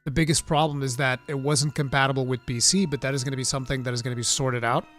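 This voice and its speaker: A man hosting a live gaming talk stream, reading chat questions and chatting casually in an animated, rambling way. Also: medium pitch, fast talker, soft background music. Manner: animated, excitable, rambling with restarts.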